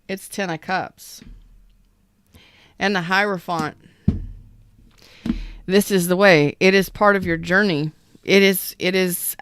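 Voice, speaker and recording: Slow, soft-spoken woman tarot reader. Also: clean tone, no echo, clean studio sound. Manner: keeps her voice low and soft. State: recovering from an illness. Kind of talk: casual live tarot reading.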